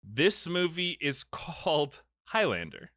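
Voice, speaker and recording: Podcast co-host, bright lively male voice, dry close sound, animated storyteller. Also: a little high, slow pace, no echo. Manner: animated storyteller, swears freely, acts out quotes. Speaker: podcast co-host retelling a film. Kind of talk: casual chat.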